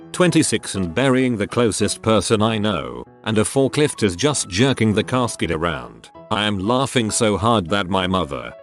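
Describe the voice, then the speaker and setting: A man narrates first-person anecdotes in a steady scripted read. His voice sits fairly low but moves a lot in pitch. Soft music plays faintly underneath. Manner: reads first-person anecdotes aloud in a steady storytelling delivery. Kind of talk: scripted narration of reader stories.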